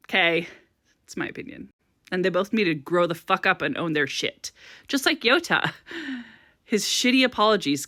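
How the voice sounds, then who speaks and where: A woman's voice: on the low side, no echo. A woman vlogging an unfiltered rant straight to camera, her voice swinging widely up and down as she laughs and curses. The recording is dry and close, with no room sound. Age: adult parent. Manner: animated, swears a lot, laughs often. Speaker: vlogger reviewing a TV series.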